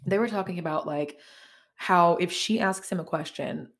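A woman's voice: fairly low pitch, normal speed. A woman hosting a podcast in casual confessional chat, rambling and candid with lots of swearing and self-mocking asides. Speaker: podcast host.

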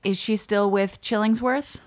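A woman co-hosting a podcast, reacting to the story with quick questions and jokes. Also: mid-range voice, fairly even intonation, no room sound, studio quality. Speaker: podcast co-host. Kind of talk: casual podcast banter.

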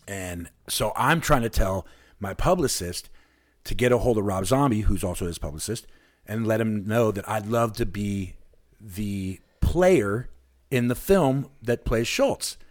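A man from Alaska, a podcast guest, telling a long, excited anecdote in casual chat and acting out the people in it. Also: fairly low pitch, measured pace. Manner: excited, rambling anecdote with lively quoted voices.

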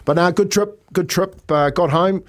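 A man's voice: high voice, normal speed, fairly bright tone. A middle-aged man from New Zealand, a podcast co-host telling stories in casual chat, rambling with many restarts.

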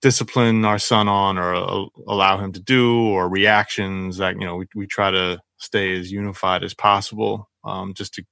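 A man's voice: sits low, flat delivery, normal speed, creaky, few pauses, sharp tone, dry recording, clean studio sound. A man hosting a casual chat, asking hesitant, rambling questions.

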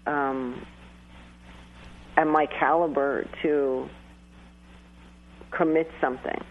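A man's voice: on the high side, steady tone, slow pace. A man, a guest psychic medium, telling a personal story on a call-in interview in a rambling, hesitant way full of restarts. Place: calling in from home in New York. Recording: tinny phone line.

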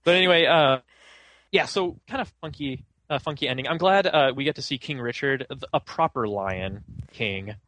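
A man's voice: mid-range voice, moderate pace, fairly bright tone, dry recording, rough recording. A man co-hosting a podcast, jokey and rambling, laughing often. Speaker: podcast co-host. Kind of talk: casual chat.

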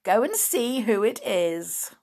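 A vain young male bunny who fusses and frets, his voice lifting high and whiny, as a woman puts him on. It is a storybook reading with lively, bouncing inflection. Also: slow pace, gravelly, heavily acted. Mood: fretful.

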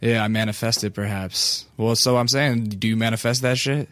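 A man hosting a casual interview, relaxed and quick to swear, often stammering as he restarts a thought. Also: fairly low pitch, no echo, clean studio sound. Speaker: podcast host.

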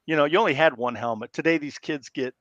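A middle-aged man from Iowa, a podcast guest telling rambling, animated stories in a casual interview, often restarting sentences. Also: on the high side, fast, no room sound. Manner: rambling, animated, acts out coaches yelling. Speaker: podcast guest, former college football player. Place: live podcast studio. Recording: slightly muffled dry sound.

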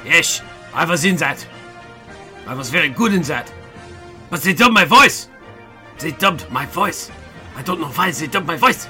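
A man putting on a pompous older German actor with a German accent, loud, indignant and repeating himself. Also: fairly high pitch, animated, a little slow, pauses often, faint music behind, full character voice. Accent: German, put on.

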